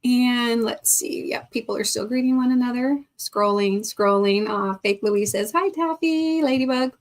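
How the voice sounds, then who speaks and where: A middle-aged woman talks through a live stream at an easy, unhurried pace, her voice sitting a little high. She greets viewers one by one and laughs often between comments, close to a desk mic. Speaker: livestream host. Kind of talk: casual chat reading live comments.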